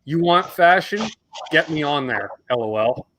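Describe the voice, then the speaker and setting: A man's voice: on the high side, lively intonation, measured pace, a bit bright. A man in his forties hosting a casual livestream chat, reading viewer comments aloud in an easygoing way. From Canada. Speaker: host.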